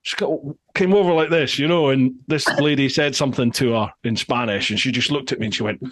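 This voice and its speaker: A man's voice: medium pitch, fairly quick. Chatty Scottish man telling stories. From Scotland. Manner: animated storyteller, laughs often. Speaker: podcast host. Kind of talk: casual chat.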